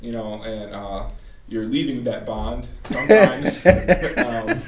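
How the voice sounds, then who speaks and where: A man's voice: lowish voice, animated, slow pace, crowd noise. Guy joking around on a chat show, laughs a lot, sounds echoey. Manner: joking, laughs often, crude humor. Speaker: podcast co-host. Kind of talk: casual chat.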